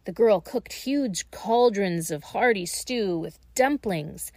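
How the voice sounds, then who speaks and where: A woman reading a fairy tale aloud in a slow, gentle and expressive way. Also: medium pitch, no room sound. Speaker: storyteller.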